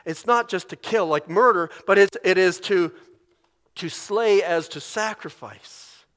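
A male preacher giving a sermon in an animated, conversational way, often acting out inner voices. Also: high voice, a little slow. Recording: long reverb of a large hall.

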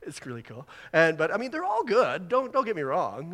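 A man delivering a sermon in a slightly higher voice, easygoing and conversational, then pressing his points hard. His words ring out with a long reverb through the hall. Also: huge pitch swings, a little slow, sharp tone. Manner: conversational, rising to emphatic exhortation. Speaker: pastor.

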